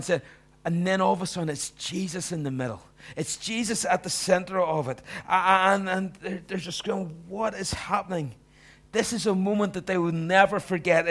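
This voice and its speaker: A man delivers a sermon with lots of theatre. He acts out the characters in the story and shifts between hushed, almost whispered lines and loud, stirring ones. His voice sits a touch higher than most men's. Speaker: pastor.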